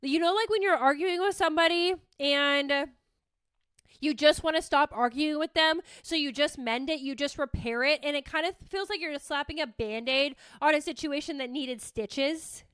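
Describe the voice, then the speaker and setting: A woman's voice: high voice, moderate pace, fairly bright tone, no room sound, clean studio sound. A woman in her thirties hosting a podcast, talking candidly and casually, full of "like" fillers, swearing freely and poking fun at herself. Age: 30s. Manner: chatty, frequent "like" fillers, swears freely, self-mocking. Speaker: podcast host.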